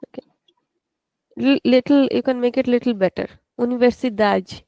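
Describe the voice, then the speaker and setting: A woman's voice: on the high side, normal speed, dark tone, clean tone, no echo, rough recording. A woman with an Indian English accent teaching a language class online, explaining step by step and correcting students. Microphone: video call.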